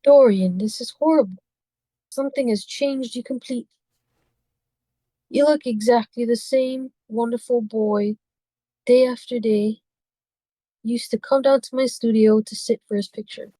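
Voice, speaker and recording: An earnest male painter pleading with a friend, read by a woman, in a fairly high, mellow voice. The recording is dry and close, with no room sound. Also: moderate pace, pauses often, no room sound, close to an everyday voice, poor audio. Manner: pleading, reproachful reading aloud. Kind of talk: amateur read-aloud of a novel.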